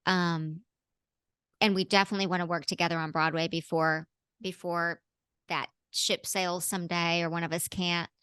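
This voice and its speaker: A woman talking as an actress guest in a casual interview, bubbly and quick to laugh. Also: on the low side, little pitch movement, pushed and bright, clean tone, no room sound, studio quality. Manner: bubbly, laughing, jumps into playful voices.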